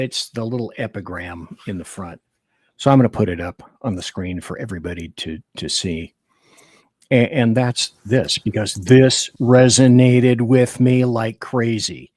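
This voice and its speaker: A man hosting a talk radio interview, animated and rambling, often cutting himself off and restarting. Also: on the low side, no room sound, studio quality. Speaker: radio show host.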